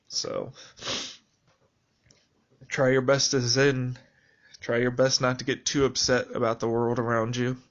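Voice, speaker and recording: A man talking through a reflective personal video journal in a rambling, halting way with many fillers. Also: mid-range voice, fairly bright tone, highs cut off.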